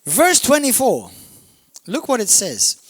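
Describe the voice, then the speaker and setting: A man with a Maltese accent preaching a sermon, emphatic, swinging from shouts down to murmurs. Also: extremely high pitch, wildly swooping pitch, slow, breathy edge, dry recording. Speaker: pastor. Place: church.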